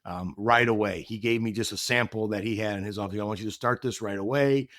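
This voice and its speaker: A man's voice: lowish voice, steady tone, quick pace, a bit bright, no echo, studio quality. A middle-aged man telling a candid personal story as a podcast guest, earnest and reflective, voicing the people in it. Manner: earnest, reflective, acts out quoted dialogue.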